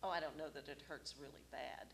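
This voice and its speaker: A woman's voice: deep voice, fairly even intonation, a little fast, creaky, a bit bright, slight background noise. A woman giving hesitant opinions as a talk show panelist. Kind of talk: casual talk show chat.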